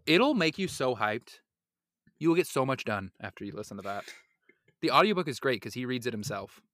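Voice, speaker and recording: A man co-hosting a comic podcast, an animated and joking storyteller with crude humor. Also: mid-range voice, fairly quick, no echo, studio quality. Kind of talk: casual podcast banter.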